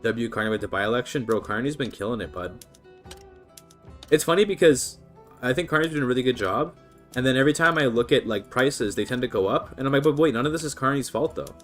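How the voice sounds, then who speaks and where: He's a Canadian streamer from British Columbia, easygoing and talkative as he commentates a strategy game and reads and answers his chat. The voice is mid-range, fairly quick and a bit bright, with faint music in the background.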